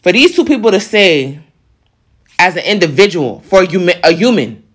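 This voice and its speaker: A man's voice: high-pitched, big pitch swings, normal speed. A man with a New York accent hosting a podcast, talking casually and passionately to his listeners, repeating phrases and using street slang. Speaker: podcast host.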